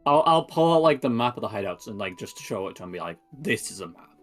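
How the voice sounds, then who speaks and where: A man's voice: medium pitch, animated, racing, soft background music. A man playing his character in a tabletop game, talking casually and playfully. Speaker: player.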